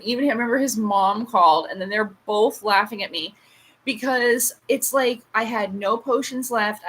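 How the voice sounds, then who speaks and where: A woman's voice: medium pitch, fairly bright tone, breathy edge, poor audio. Chatty woman hosting a livestream. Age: late 30s. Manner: chatty, rambling storyteller with frequent asides. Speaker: livestream host. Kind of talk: casual livestream chat.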